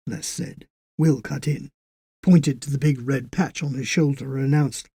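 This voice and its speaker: A man reading a horror story in a measured, even way. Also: mid-range voice, vocal fry, husky, no echo, clean studio sound. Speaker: story reader. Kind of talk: scripted horror fiction narration.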